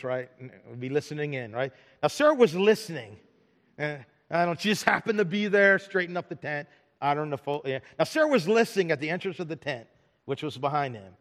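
Male pastor, high voice, playful sermon delivery, reverberant sanctuary sound. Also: fairly bright tone. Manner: joking, asks the congregation questions. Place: large hall with a congregation. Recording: long reverb of a large hall.

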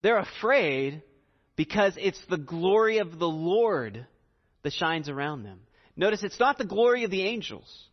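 A man preaching in slow, emphatic, expository phrases, his voice sitting a little high for a man. The sound is dull and muffled, and a long reverb hangs behind him as if in a large hall. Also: sing-song. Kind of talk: sermon.

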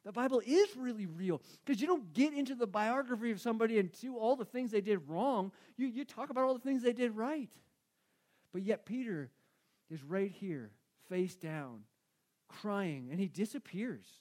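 A male preacher with a fairly high voice for a man, delivering a sermon in a loose, conversational way. He leans on emphasis and says his key lines twice to drive them home. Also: animated, normal speed, darkish tone. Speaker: pastor.

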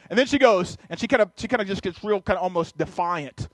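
A man's voice: high voice, quick pace, hardly any pauses, no room sound. A male pastor telling a personal story in a sermon, earnest, often restarting and repeating his words. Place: church sanctuary.

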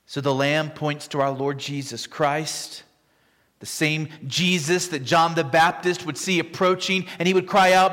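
A man preaching a sermon, dramatic and vivid, acting out the scripture quotes with big shifts between loud and quiet. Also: fairly high pitch, steady tone, measured pace. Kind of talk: expository sermon. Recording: long reverb from a large hall.

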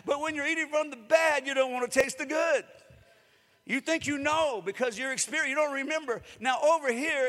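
A man preaching a sermon to a congregation, lively and calling out to the room. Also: sits high, in a large hall. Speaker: pastor.

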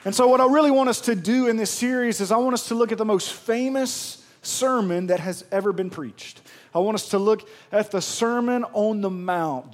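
A man's voice: high-pitched, a little mellow. A man preaching a sermon, telling funny stories and calling on the congregation to join in. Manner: humorous, storytelling, engages congregation. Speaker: pastor.

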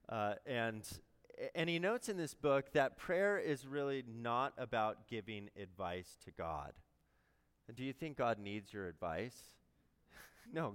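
A man's voice: lowish voice, a bit bright, clean tone, in a large hall. A man preaching a sermon in a conversational way, asking the congregation questions and answering them himself. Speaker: pastor.

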